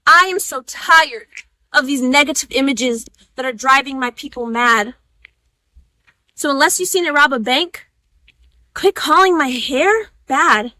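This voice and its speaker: A woman's voice: sits high, sharp tone, dry recording. A young woman performing a spoken-word oratory speech, reciting with rhythmic, emphatic stresses. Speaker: student orator.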